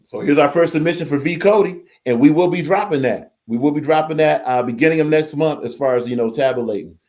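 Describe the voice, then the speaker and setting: A man's voice: on the high side, fast, darkish tone. A man hosting a casual live reaction stream, reading viewer comments aloud and repeating his phrases as he goes. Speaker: livestream host reading chat.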